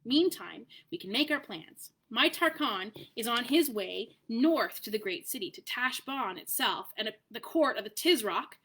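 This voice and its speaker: A haughty talking war horse, voiced by a woman gives orders in a brisk, impatient storybook voice. The tone is bright and a little high, with lively emphasis on the words it cares about. He sounds sure of himself and quick to scold. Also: slightly rough, heavily acted. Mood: brisk, proud. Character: proud adult male talking war horse, brisk, bossy. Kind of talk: storybook read-aloud.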